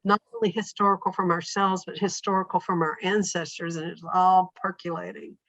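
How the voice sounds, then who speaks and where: A woman's voice: on the low side, flat delivery, a little fast, fairly bright tone, dry recording, muffled recording. A woman guest on a podcast talking in a thoughtful, reflective way, often acting out her own inner thoughts as little quotes. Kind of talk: reflective conversational interview.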